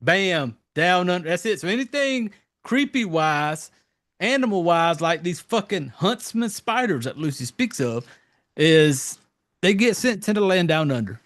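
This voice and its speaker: High-voiced guy on a podcast, bouncy swooping voice, acts out little quotes. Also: unhurried. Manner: animated, acts out quotes, affirms with "yeah". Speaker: podcast co-host. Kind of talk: casual profane banter.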